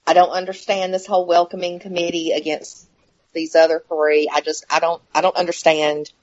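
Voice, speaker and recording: A woman's voice: on the low side, flat delivery, moderate pace, a little mellow. A woman speaking frankly as a podcast panelist, repeating herself in frustration. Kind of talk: casual podcast chat. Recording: dull lo-fi audio.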